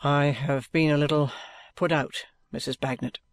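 A man's voice: a little high, fairly even intonation, moderate pace, no echo, lightly acted. A man doing a subdued, penitent old trooper. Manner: subdued, apologetic. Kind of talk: audiobook character voice.

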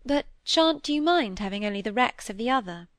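Shy, tender young woman voiced by a woman reader, soft pleading storybook voice, dry sound. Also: fairly high pitch, expressive, normal speed, no echo, lightly acted. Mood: gentle.

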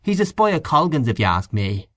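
A scornful middle-aged canvasser, voiced by a man reading aloud, sneers and grumbles about his neighbours. The pitch sits higher than the reader's own and swings about animatedly. The sound is dry, with no room around it. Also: very animated, brisk, bright, forceful tone, dry recording. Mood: indignant. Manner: sneering, indignant. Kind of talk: audiobook character voice.

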